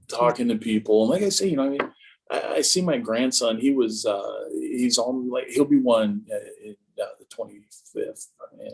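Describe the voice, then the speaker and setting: A man in his fifties with a low, gravelly, husky voice, speaking as an interview guest. He tells stories about his own life with a joking, self-mocking humor. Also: a little mellow, poor audio. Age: 50s. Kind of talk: casual conversation.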